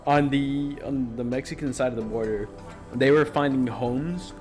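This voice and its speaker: A man's voice: medium pitch, moderate pace. A young man who is a podcast guest, telling stories casually with plenty of swearing and laughter. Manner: laughing, profane, animated storytelling. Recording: loud music behind the voice. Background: loud music.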